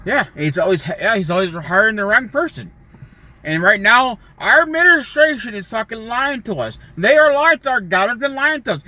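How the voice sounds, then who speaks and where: A man's voice: high-pitched, animated, normal speed, pushed and bright. A man livestreaming an angry, profane political rant, repeating himself and swearing often. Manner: heated, profane, repetitive.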